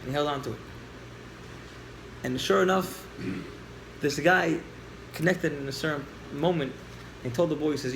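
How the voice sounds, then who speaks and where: High gravelly man telling a story. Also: normal speed, long pauses, a little hiss or hum, poor audio. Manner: animated storyteller, acts out dialogue, asks the class questions. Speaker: teacher telling a story to a class. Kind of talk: storytelling in a class.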